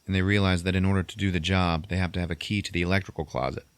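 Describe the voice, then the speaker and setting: A man's voice: deep voice, fairly even intonation, racing, clear, resonant tone, dry recording. A man hosting a podcast, recapping a movie in a crude, profane, chatty way. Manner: profane, laughing storyteller. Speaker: podcast host.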